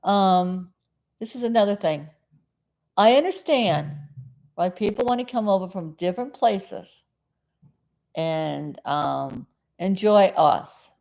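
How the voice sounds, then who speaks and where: A woman's voice: mid-range voice, expressive, slow pace, vocal fry, long pauses, a little mellow. A middle-aged woman from South Florida hosting a casual live stream, chatting in a meandering way and often losing her train of thought.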